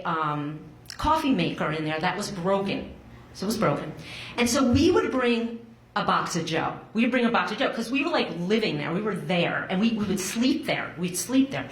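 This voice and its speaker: Middle-aged woman, live storyteller, conversational and animated, roomy hall sound. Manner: animated, chatty, acts out quotes with big pitch jumps. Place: stage before a live audience. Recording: roomy live stage sound with faint ambience.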